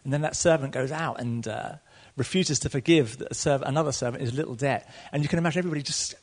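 A middle-aged man preaching a sermon, telling the story in a lively way with asides to the congregation. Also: mid-range voice, fast talker, hardly any pauses.

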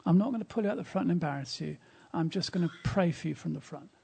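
A man delivers a sermon in a gravelly, husky voice, pitched a little high for a man. His tone is mellow and dark. He tells his story with emphasis and turns hushed at tender moments. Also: fast. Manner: emphatic, storytelling, drops to a whisper in quiet moments. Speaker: speaker at a church service.

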